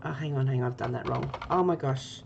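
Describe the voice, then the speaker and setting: A woman's voice: extremely low pitch, fast, vocal fry, lo-fi sound, background noise. A woman streaming a game live, chatting with her viewers by name and laughing often. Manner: giggly, laughing often and talking to chat by name.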